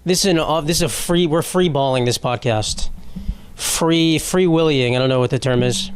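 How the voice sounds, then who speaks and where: A man's voice: fairly high pitch, normal speed, clear, resonant tone, no echo. A young man hosting his own podcast, ranting in an exasperated, rambling way, swearing often and restarting his sentences. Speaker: podcast host. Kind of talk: unscripted comedic solo podcast rant.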